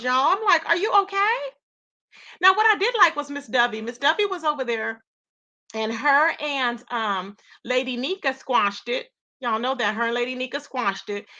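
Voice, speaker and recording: A woman hosting a live gossip commentary stream, chatty and animated, greeting viewers from the chat by name. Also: a little high, highs cut off. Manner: animated, chatty, slangy, reading chat names aloud. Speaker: YouTube commentary host.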